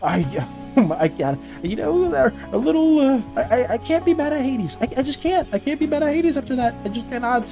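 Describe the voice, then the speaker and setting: Stammering, excitable streamer with a lively voice. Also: sits high, fairly quick, creaky, soft background music. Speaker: art streamer. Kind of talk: casual live-stream chat.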